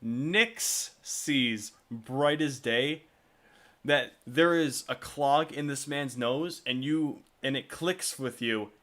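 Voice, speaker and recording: A man as game master narrating a tabletop game in a casual, halting way. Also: medium pitch, fairly bright tone.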